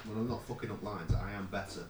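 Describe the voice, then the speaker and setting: A man's voice: fairly low pitch, fairly even intonation, quick pace, a little mellow. A man recording rap lines on a live stream, swearing freely and bantering between takes. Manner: swears freely, jumps between rapping and joking. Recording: roomy, distant mic, faint noise.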